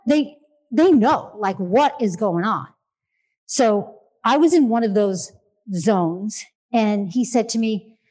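A woman's voice: mid-range voice, a little mellow. A middle-aged woman sharing a heartfelt personal story, earnest, with repeated phrases for emphasis and small restarts. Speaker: speaker sharing a reflection.

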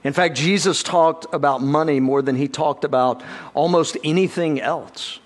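A man preaching a sermon to his congregation, emphatic, slowing down and dropping low on key words, with touches of light humor. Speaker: pastor.

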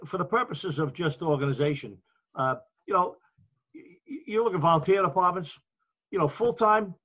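A man's voice: a little high, a bit bright, highs cut off. A man in his sixties, a veteran volunteer firefighter, explaining things in casual chat, often restarting his words. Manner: fast, explanatory, repeats words when starting.

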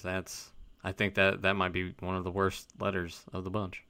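A man's voice: low voice, completely flat delivery, bright, forceful tone, clean tone, dry recording. A man co-hosting a casual podcast, reading fan letters and giving wry, blunt opinions on them. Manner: wry, blunt, quick to call things bullshit. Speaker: podcast co-host.

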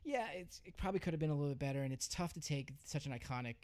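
A man's voice: a little high, racing, darkish tone. A man hosting a podcast in casual chat, telling stories about himself in a chatty, self-deprecating way. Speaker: podcast host.

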